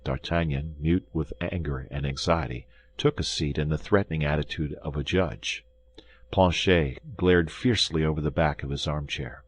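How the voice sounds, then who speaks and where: A man narrating an audiobook of a classic novel in a measured, dramatic way. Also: extremely low pitch, breathy edge.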